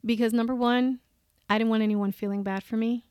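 A woman speaking openly about her grief as a guest in a conversation, expressive and laughing often. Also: on the high side, fairly quick, smooth, dry recording, studio quality.

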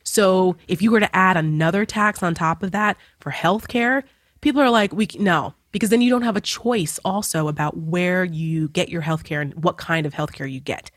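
A woman's voice: lowish voice, moderate pace, no room sound, clean studio sound. A woman from New Jersey, a political commentator as the guest, talking emphatically in lists and repeated phrases in a casual interview. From New Jersey, USA. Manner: emphatic, talks in lists and repetitions.

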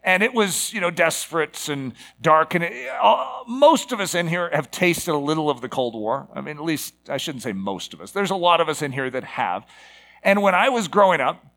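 A man's voice: fairly high pitch, expressive, moderate pace, vocal fry, fairly bright tone. A man in his fifties giving a casual, conversational sermon to a live congregation, full of fillers and rhetorical asides.

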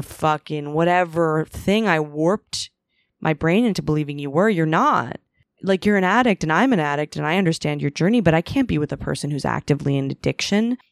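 Solo podcast host, woman, frank and profane, gravelly smooth voice, dry close mic. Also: deep voice, no echo. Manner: candid, profane, self-deprecating storytelling; acts out her own past inner voice in quotes. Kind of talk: solo confessional monologue.

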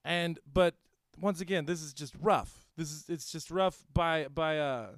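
A man's voice: fairly high pitch, unhurried, fairly bright tone, no room sound, studio quality. A young man co-hosting a comedy podcast, rambling through a history story with lots of fillers and restarts. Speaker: podcast co-host telling the history. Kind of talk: casual comedic chat. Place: Houston.

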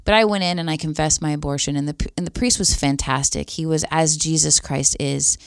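A middle-aged woman tells her personal faith story, earnest and heartfelt, with casual fillers along the way. Her voice sits a little low and sounds smooth and resonant. The sound is dry and close, with no room echo. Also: fairly even intonation, brisk. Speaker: speaker sharing a faith testimony.

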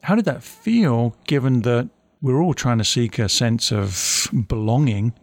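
A man interviewing a guest, asking measured and thoughtful questions. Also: medium pitch, sing-song, no echo.

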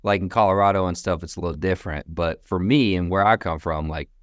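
Young man, very deep voice, laid-back storyteller, casual slang, dry close mic. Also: fast talker, dry recording. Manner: relaxed, chatty, says "man" and "bro", laughs between stories. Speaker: guest, company founder.

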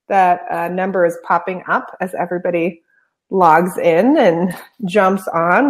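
A woman's voice: medium pitch, a little mellow. A woman co-hosting a live webinar, upbeat and chatty, with frequent fillers. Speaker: webinar co-host. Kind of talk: casual webinar chat.

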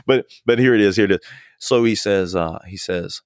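A man preaching a sermon with fervent repetition and sudden swings of pitch. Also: wildly swooping pitch, brisk, no room sound, studio quality. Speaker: pastor.

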